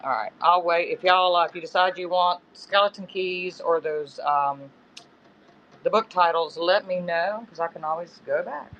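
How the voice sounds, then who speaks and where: A man's voice: sits high, normal speed, a bit bright. A middle-aged man hosting a live-stream auction from his home, chatting casually in a rambling, self-correcting way. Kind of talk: casual live-selling chat. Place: home in the woods. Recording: dull lo-fi phone stream with faint background noise.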